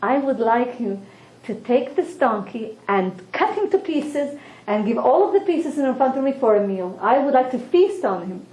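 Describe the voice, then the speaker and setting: A male lion king who gives orders in a low, hushed voice, as a woman storyteller puts him on. He sounds commanding and unhurried. The echo of the room is clear. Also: very animated. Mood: scheming. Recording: echoey room.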